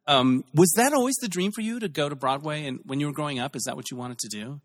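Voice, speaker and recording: A man's voice: fairly high pitch, lively intonation, quick pace, in a large hall. A male host asking questions and rambling enthusiastically in a casual interview chat. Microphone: video call.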